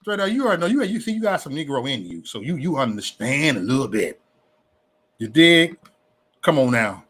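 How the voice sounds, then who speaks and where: A man hosting a casual livestream, talking in an animated, preachy way with lots of slang, repeating himself and stammering on restarts. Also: mid-range voice, fairly quick, breathy edge. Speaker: livestream host.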